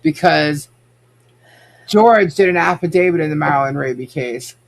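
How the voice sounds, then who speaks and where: A man's voice: a little high, moderate pace, vocal fry. A man hosting a casual podcast, chatting and reacting to viewer comments. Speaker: podcast host. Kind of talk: casual gossip chat.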